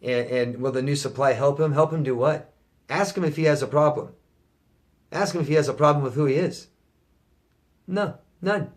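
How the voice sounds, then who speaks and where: A man of ordinary pitch works through viewer questions as a life coach. He reads each question aloud, then answers it bluntly and profanely, hammering his points with repetition. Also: fairly quick. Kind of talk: viewer Q&A monologue.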